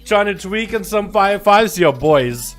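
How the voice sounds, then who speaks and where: A man's voice: high-pitched, expressive, measured pace, fairly bright tone, faint music behind. A young man hosting a casual gaming livestream, rowdy and profane as he greets his chat. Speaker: livestream host.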